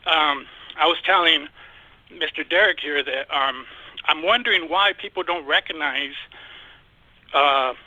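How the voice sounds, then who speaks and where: A man's voice: a little high, unhurried, pauses often, pushed and bright, no room sound, lo-fi sound. A man speaking as a guest in a casual podcast discussion, passionate and emphatic, often repeating himself.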